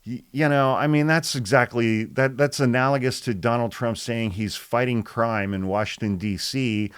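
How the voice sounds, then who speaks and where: A man hosting a podcast of political commentary, reading out quotes and flatly calling them false with sarcastic exasperation. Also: medium pitch, normal speed, clean tone, dry recording, clean studio sound. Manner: sarcastic, exasperated, deadpan rebuttals.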